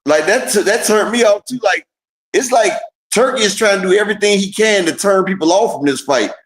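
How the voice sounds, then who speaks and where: A man co-hosting a casual boxing live stream, telling fight stories in an animated, profane way and acting out what the fighters might have said. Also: high voice, a little fast, roomy sound, low-quality recording. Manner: animated, profane storytelling with acted-out quotes. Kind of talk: casual chat.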